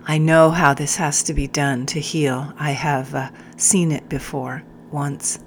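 A hushed, tender sergeant, as a woman narrator puts him on, speaking low and slow with hesitant pauses. His quiet voice sits just under the reader's own, with a little background ambience. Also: level tone, a little hiss or hum. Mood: gentle. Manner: soft, hushed, faltering. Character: gentle, guilt-stricken male sergeant.

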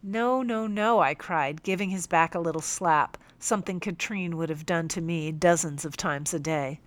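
A young woman narrating a first-person audiobook in a measured, firm, teacherly way. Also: low voice, steady tone. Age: young adult.

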